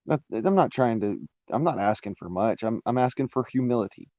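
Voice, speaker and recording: A man's voice: mid-range voice, lively intonation, brisk, dry recording, lo-fi sound. Rambling man on a live stream. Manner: rambling, many restarts and fillers, swearing. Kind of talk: casual live-stream monologue.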